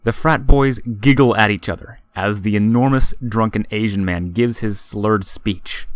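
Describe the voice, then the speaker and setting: A man's voice: on the low side, unhurried, no room sound. A man reading a story aloud as a hobby audiobook narrator. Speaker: audiobook reader.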